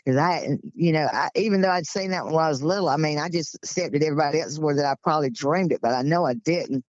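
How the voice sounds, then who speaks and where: A woman's voice: deep voice, fast talker, darkish tone, no room sound. A woman in her sixties talks with a Georgia drawl, rambling along in a chatty, homespun way. The recording sounds dull, lo-fi and dry, with no room sound. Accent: Southern US, Georgia. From Georgia, USA. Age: 60s. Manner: chatty, rambling, folksy storyteller. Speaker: guest recounting encounters. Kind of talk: casual storytelling.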